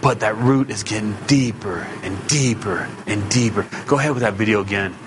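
A man preaching a sermon in a casual, emphatic way, building up to loud calls to his listeners. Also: fairly low pitch, moderate pace, noisy background. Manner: emphatic and conversational, rising to loud exhortation.

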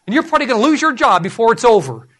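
A man's voice: very high voice, big pitch swings, rapid-fire, pushed and bright, exaggerated voice. A man voicing a sly male devil who mocks and needles as he talks. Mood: taunting. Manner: mocking, needling.

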